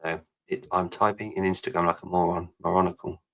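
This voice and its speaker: A man's voice: low voice, little pitch movement, brisk, creaky, a bit bright. A man co-hosting a live podcast, rambling, jokey and swearing freely in casual chat. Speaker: podcast co-host.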